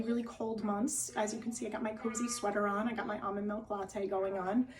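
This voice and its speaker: A woman's voice: on the high side, a little mellow, far from the mic, low-quality recording. A woman with a New Jersey accent chatting to camera as she demonstrates a recipe at home, often checking in with "okay?". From New Jersey, USA. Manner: chatty, keeps tagging lines with "okay?". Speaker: wellness cooking host. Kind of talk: casual cooking demo to camera. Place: home kitchen, indoors.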